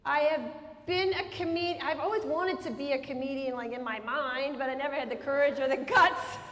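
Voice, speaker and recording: A woman's voice: high voice, brisk, a bit bright. A woman comedian from Minnesota and Colorado, chatting with the audience and repeating their questions aloud. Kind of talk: audience Q&A after a stand-up show. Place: prison hall with an audience. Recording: echoey hall with crowd.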